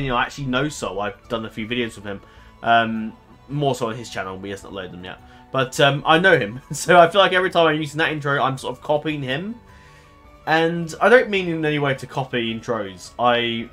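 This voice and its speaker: A man's voice: mid-range voice, fairly bright tone. A man hosting a gaming channel, chatting casually to his viewers in a rambling, hesitant way, often correcting himself and filling gaps with ums.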